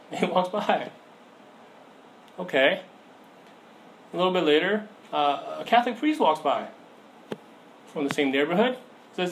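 Young guy preaching to a youth group, chatty storyteller, slightly high voice, faint hiss behind. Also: normal speed, pauses often, low-quality recording. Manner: conversational storytelling, acts out voices in anecdotes. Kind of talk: sermon. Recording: faint background noise.

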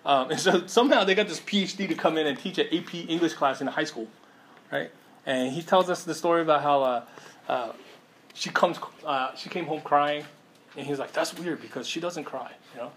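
A man's voice: on the high side, brisk, a bit bright, slight background noise. Chatty man preaching with constant "okay?". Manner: conversational, many fillers and "okay?" check-ins. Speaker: pastor. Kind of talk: sermon.

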